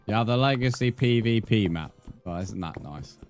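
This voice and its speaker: A man's voice: on the low side, lively intonation, normal speed, darkish tone, faint music behind. A young British man chatting casually with viewers on a live gaming stream, bantering and calling people mate. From Britain. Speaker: livestream gamer.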